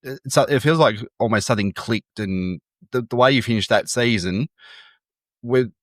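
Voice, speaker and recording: A man's voice: mid-range voice, moderate pace, dry recording, studio quality. A man co-hosting a podcast, asking long winding questions with restarts. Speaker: podcast co-host.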